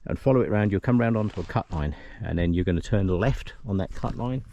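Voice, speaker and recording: A trail volunteer narrates his walk up a mountain path on a handheld camera, speaking fairly quickly in a low, warm voice. He chats casually and gives directions, and the sound is lo-fi.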